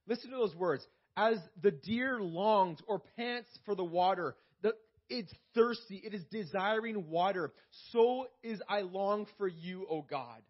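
A man with a high voice preaches in church, calling out to the congregation now and then. He slows down when he reads scripture aloud. The recording sounds dull and muffled, like a lo-fi church recording. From Canada. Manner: preaching with call-outs to the congregation. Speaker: pastor. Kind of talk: sermon.

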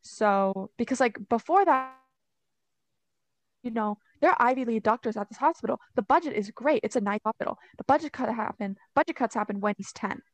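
A young woman tells a long story in a loose, chatty way, filling it with "like" and "you know." Her voice sits a little high. The recording is close and dry. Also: animated, brisk, no room sound. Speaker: podcast co-host. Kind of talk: casual storytelling chat.

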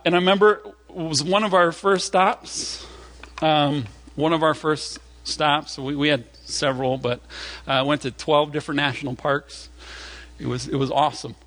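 A man preaching a sermon through an animated personal story, acting out voices along the way, chatty and full of fillers and restarts. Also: fairly high pitch. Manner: animated, acts out voices in stories. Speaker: pastor.

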